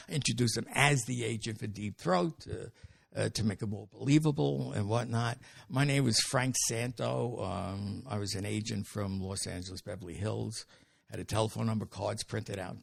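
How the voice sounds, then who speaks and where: Older Brooklyn-born comic, gravelly and husky, dry close sound, rambling storyteller. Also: male voice, lowish voice, dry recording. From Brooklyn, New York. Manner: animated anecdote-telling, frequent restarts. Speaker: comedian guest. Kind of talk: podcast storytelling.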